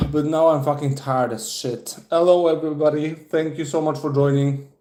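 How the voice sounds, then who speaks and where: A man's voice: fairly high pitch, steady tone, moderate pace, mellow, echoey room. A young man from Serbia chatting casually on a livestream, out of breath after push-ups and swearing often. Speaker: streamer.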